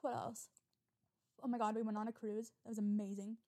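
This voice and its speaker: A young woman hosting a solo podcast, rambling in an animated, swearing manner and getting riled up as she talks. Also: fairly high pitch, a little fast. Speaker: podcast host.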